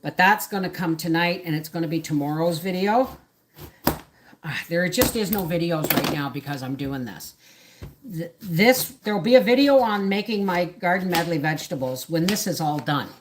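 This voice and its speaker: A woman's voice: lowish voice, lively intonation, normal speed, background noise. A middle-aged woman hosting a casual live stream from her home kitchen, rambling and jumping between topics as she chats. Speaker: homesteader livestream host.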